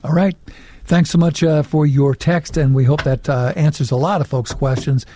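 Mellow-voiced man hosting a radio show. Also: a little high, steady tone, normal speed, slight background noise. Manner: easygoing, reads emails and sign-offs smoothly. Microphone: studio microphone.

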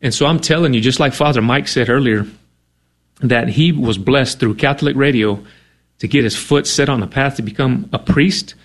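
A man's voice: medium pitch, normal speed. Earnest radio co-host man making an appeal. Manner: earnest, conversational, many fillers.

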